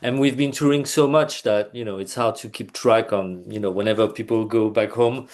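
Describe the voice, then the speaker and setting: A man, a band's bassist, chatting loosely as an interview guest over a video call, with lots of fillers and restarts. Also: fairly even intonation, normal speed, darkish tone. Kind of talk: casual interview chat.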